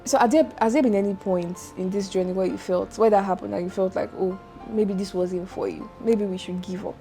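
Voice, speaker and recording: A woman's voice: mid-range voice, fairly even intonation, fairly quick, gravelly, dark tone, soft background music. Playful Nigerian woman host. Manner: playful, teasing, conversational. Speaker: podcast host. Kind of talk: casual interview.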